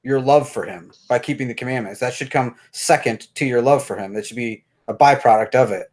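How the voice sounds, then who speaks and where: A man's voice: mid-range voice, fairly quick, a little mellow. A man appearing as a guest, reflectively discussing his faith and repeating words as he searches for them.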